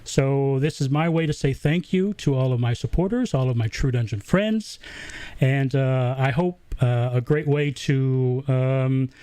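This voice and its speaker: A man's voice: mid-range voice, measured pace, mellow, clear, resonant tone, no echo. A man from the American South with a Southern accent, hosting a casual livestream Q&A and chatting through it with lots of fillers and restarts. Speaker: host.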